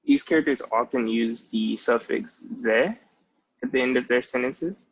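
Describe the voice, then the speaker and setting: A man's voice: mid-range voice, unhurried, breathy edge, lo-fi sound. A young man in his twenties giving a patient, casual language lesson with many "like" fillers. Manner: patient, explanatory, with frequent "like" fillers. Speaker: language teacher.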